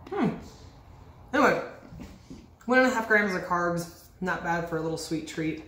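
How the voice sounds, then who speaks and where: A woman's voice: on the low side, expressive, normal speed, a bit bright, slight background noise. A woman chatting enthusiastically while tasting treats for a casual vlog, recorded in a bakery. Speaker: vlogger. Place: bakery, indoors. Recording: echoey room with faint ambience.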